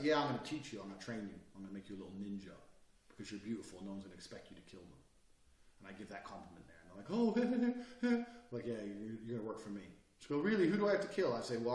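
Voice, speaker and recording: A man's voice: mid-range voice, a bit bright. A man teaching a recorded course in a swaggering, boastful and profane manner. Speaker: course instructor. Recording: roomy echo, mic set far off.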